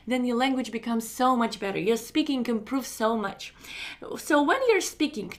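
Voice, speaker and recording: A woman's voice: fairly high pitch, fairly bright tone. Woman teaching English speaking. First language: Russian. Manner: encouraging, repetitive, measured with pauses. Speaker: English test-prep teacher. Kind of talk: recorded online lecture.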